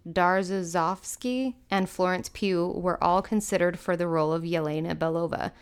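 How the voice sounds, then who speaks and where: A woman co-hosts a casual podcast with a smooth, resonant voice sitting slightly low. Her remarks are brief and decisive. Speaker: podcast co-host.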